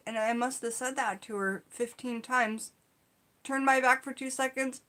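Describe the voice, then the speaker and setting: A woman spins a personal story in a casual, animated way, leaning on "like" and "you know". Her voice sits a little high and rings bright and clear. She talks like a friend recounting a wild day. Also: moderate pace. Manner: animated, chatty, acts out her own shouts in the retelling; frequent fillers like "like" and "you know". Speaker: storytelling channel host.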